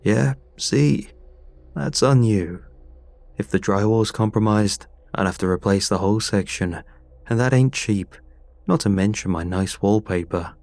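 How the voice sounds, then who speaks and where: A man's voice: lowish voice, lively intonation, slow, gravelly, darkish tone, no echo, heavily acted. A man voicing a greedy middle-aged landlord who talks down to people and cuts them off. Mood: smug. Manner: chipper, condescending, cuts people off.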